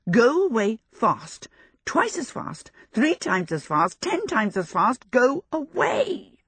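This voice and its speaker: A shrill, hot-tempered girl under an old-age spell, her voice leaping high into indignant outbursts, as a woman narrator puts her on. The storybook reading sounds close and dry, with no room around it. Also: wildly swooping pitch, slow, fairly bright tone, breathy edge, no room sound, exaggerated voice. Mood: commanding.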